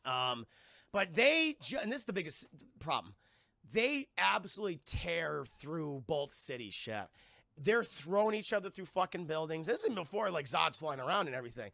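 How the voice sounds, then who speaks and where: Gravelly, profane streamer man. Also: a little high, normal speed, dry recording, clean studio sound. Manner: profane, animated recapping. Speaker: streamer and film reviewer. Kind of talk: casual live-stream chat.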